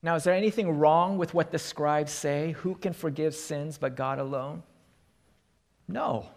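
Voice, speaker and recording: A man preaching a sermon as pastor, telling illustrative stories and dropping into quiet emphasis on key points. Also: on the high side, unhurried, creaky.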